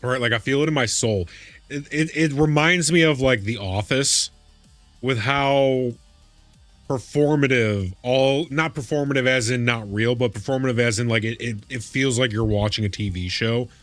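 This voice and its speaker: A man live streaming a game, chatting casually and reacting excitably, laughing and swearing as he goes. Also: medium pitch, normal speed, no echo, soft background music. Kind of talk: casual chat while gaming.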